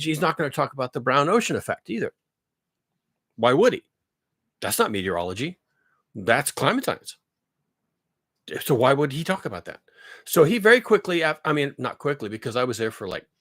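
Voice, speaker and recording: A man's voice: a little high, a bit bright. Guy rambling on, exasperated, lots of restarts, voice going up and down a lot. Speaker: climate commentary vlogger. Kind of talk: casual talk.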